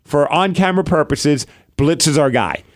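A man in his thirties co-hosting a casual sports podcast, animated and fond of acting out his little daughter's lines. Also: fairly high pitch, moderate pace. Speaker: podcast co-host.

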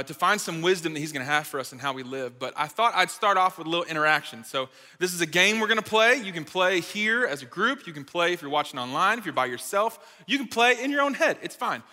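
A man giving a playful, lively sermon to a live audience, joking and talking straight to the crowd. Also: fairly high pitch. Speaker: speaker at a college ministry gathering. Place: large hall with live audience. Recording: reverberant hall.

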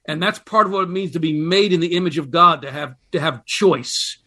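A man, a guest scholar, talking in a radio interview, explaining ideas with animated emphasis and reading quotations aloud. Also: fairly high pitch, brisk. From United States.

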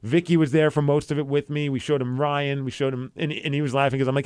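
A man's voice: mid-range voice, a little fast, a little mellow, clear, resonant tone, no room sound, studio quality. A man hosting a radio show, telling a personal story in an earnest, emotional way. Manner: earnest and emotional, quoting people in his own voice. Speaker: radio and podcast host. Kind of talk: storytelling chat. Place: radio studio.

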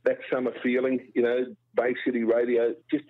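A man's voice: medium pitch, monotone, moderate pace. A middle-aged Australian man, a guest broadcaster, telling jokey, self-deprecating stories in casual radio chat. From Brisbane, Australia. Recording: tinny phone line.

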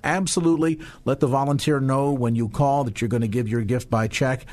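A brisk male radio host making a charity appeal on air. He talks quickly and warmly urges listeners to call, slowing down to read numbers out clearly. His pitch sits in an ordinary middle range. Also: steady tone. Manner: fast-talking, repeats phone numbers slowly.

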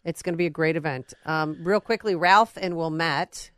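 A woman hosting a talk radio show, easygoing and brisk as she banters with callers. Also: low-pitched, a bit bright, smooth, no echo, studio quality. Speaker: radio host.

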